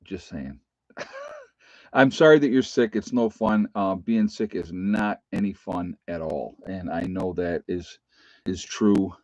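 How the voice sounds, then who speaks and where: A middle-aged man hosts a casual livestream from a rural home, chatting in a rambling, folksy way full of fillers. His voice is low, a little slow and a little mellow, and the dull lo-fi stream audio sounds dry.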